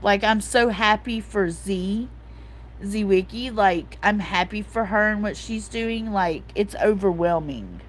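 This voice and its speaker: A woman's voice: medium pitch, measured pace, a little hiss or hum. A woman in her forties hosting a livestream, chatting casually and emotionally, often saying "like" and "um" and reading out comments from her live chat. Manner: soft-hearted, emotional, reads out chat comments; repeats herself, fillers like "like" and "um". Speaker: livestream host.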